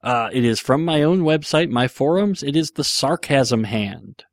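A man's voice: medium pitch, expressive, a little slow, no room sound, studio quality. A man hosting a podcast, casually answering listener questions in a rambling, joking way with lots of fillers. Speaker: podcast host.

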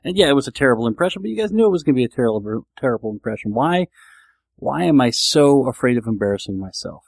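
A man hosts a podcast in a loose, rambling monologue and pokes fun at himself as he goes. His voice has a gravelly, creaky edge. The sound is close and dry, with no room echo. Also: mid-range voice, big pitch swings, fast. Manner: rambling, self-deprecating, many restarts. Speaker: podcast host. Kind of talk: casual monologue.

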